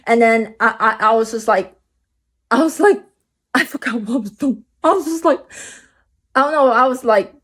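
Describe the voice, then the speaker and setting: A young woman recounts a story in a loose, rambling vlog style. Her voice sits a little high and is full of fillers and restarts. She swings into bursts of animated, high-pitched energy. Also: normal speed, pauses often. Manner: animated, jumps high when excited. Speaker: vlogger.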